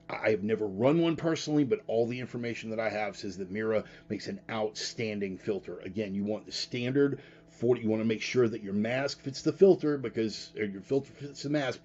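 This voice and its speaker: A man's voice: on the low side, darkish tone, muffled recording. A man hosting a casual live show, talking bluntly and rambling, with frequent profanity. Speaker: podcast host. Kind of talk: casual livestream talk.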